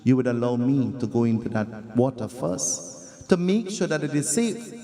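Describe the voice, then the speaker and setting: A man speaking as a protective divine mother, cautious and worried, in a lowered, mellow tone. Her warnings carry a long hall reverb. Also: very animated, moderate pace.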